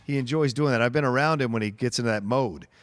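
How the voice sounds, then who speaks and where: A man co-hosting a casual podcast, talking in an animated, jokey, effusive way. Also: mid-range voice, fast talker. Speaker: podcast co-host. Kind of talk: casual chat.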